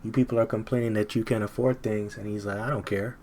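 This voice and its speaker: A man's voice: on the low side, little pitch movement, quick pace, mellow, slight background noise. A man teaching scripture informally, reading verses aloud and commenting bluntly in casual slang.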